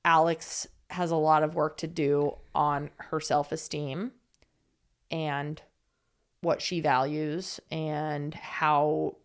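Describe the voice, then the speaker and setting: A woman's voice: deep voice, takes it slowly, clear, resonant tone. A young woman co-hosting a podcast, giving frank relationship advice in a casual chat full of "like". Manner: frank, animated, lots of "like". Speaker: podcast co-host.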